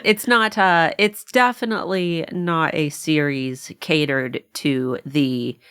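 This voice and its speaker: Woman, slightly low voice, animated rambling podcast host. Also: takes it slowly, clean tone. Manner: rambling, animated, many fillers and laughs. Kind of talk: casual chat.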